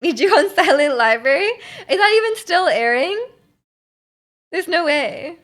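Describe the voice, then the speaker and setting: A woman's voice: very high voice, big pitch swings, a little slow, a bit bright. A young woman from Canada, streaming and chatting casually while reading viewer messages, rambling with lots of fillers and giggly asides.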